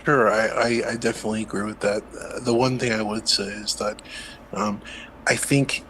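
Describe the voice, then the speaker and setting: A man's voice: fairly low pitch, little pitch movement, normal speed, fairly bright tone, a little hiss or hum, rough recording. A man calling in to a casual debate, talking hesitantly with many fillers and restarts.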